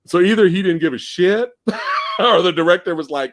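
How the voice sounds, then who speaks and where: Brief: excitable male live-stream host, swings up and down in pitch, dry close sound. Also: normal speed, no room sound. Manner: animated, profane, laughs often. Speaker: podcast host. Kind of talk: casual live-stream movie chat.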